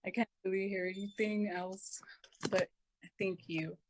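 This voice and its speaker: A woman's voice: medium pitch, fairly even intonation, a little slow, no echo. A woman performing a short poem at an open mic, shy and giggly, nervous about speaking. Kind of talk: casual chat and poetry reading.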